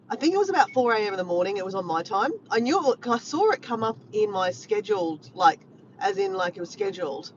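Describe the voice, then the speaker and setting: A woman, chatting excitedly to viewers on a phone live stream at the beach. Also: a little high, muffled recording, slight background noise. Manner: chatty, excitable, repeats herself. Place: outdoors, driving to and walking at a beach. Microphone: phone held in hand.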